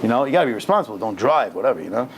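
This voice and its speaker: A man's voice: mid-range voice, big pitch swings, racing, vocal fry, slight background noise. A man teaching an informal Torah class, talking casually and animatedly with slang and Hebrew terms mixed in. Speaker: rabbi teaching a weekly class. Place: synagogue lower-level room.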